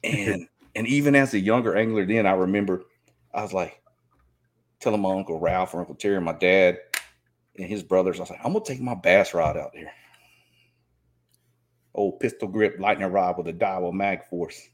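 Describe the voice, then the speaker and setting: Low-voiced man in his fifties. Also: steady tone, a little fast. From Southeast Georgia. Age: 50s. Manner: rambling, many "you know" fillers. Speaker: podcast guest. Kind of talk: casual chat.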